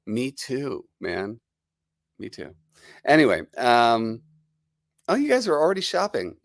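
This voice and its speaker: A man's voice: mid-range voice, sing-song, takes it slowly, gravelly, pauses often, dry recording. Middle-aged New Jersey guy hosting a livestream, rambling and chatty, nursing a cold, dry close sound. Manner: chatty and rambling, greeting viewers. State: has a lingering cold. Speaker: livestream host. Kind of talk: casual live-stream chat.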